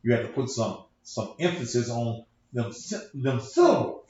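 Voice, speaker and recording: A man's voice: medium pitch, lively intonation, moderate pace, few pauses, darkish tone. A man, a pastor hosting his own show, talking casually in a rambling, cussing preacher manner. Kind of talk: casual livestream talk. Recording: echoey room, dull lo-fi sound.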